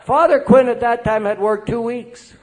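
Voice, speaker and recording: An older man, a priest speaking at a recovery meeting, telling lively stories and checking in with the crowd as he goes. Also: extremely high pitch, moderate pace, a little hiss or hum. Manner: lively storyteller, acting out quoted voices. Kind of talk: recovery meeting talk to an audience.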